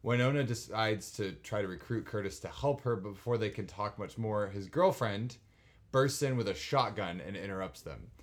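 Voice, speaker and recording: A man's voice: on the low side, normal speed. A man co-hosting a casual podcast, summarizing a TV episode's plot in a dry, matter-of-fact way. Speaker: podcast co-host recapping a show.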